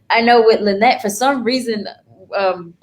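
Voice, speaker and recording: A woman guest in a casual talk, animated and laughing often. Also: a little high, a little slow, rough recording. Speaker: guest filmmaker. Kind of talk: casual chat. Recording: faint background noise.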